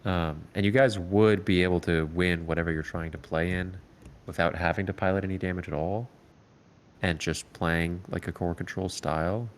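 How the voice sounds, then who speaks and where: A man coaching a competitive team over voice chat, giving calm, step-by-step strategy advice with frequent "um"s. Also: low voice, moderate pace. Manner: calm, explanatory, filler-heavy advice. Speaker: esports coach.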